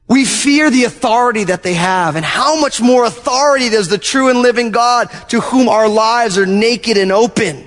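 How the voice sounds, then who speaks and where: A man pastor preaching a sermon, telling animated stories and acting out little asides to his congregation. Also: high voice, fairly quick, few pauses, long reverb tail. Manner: animated storytelling with acted-out asides.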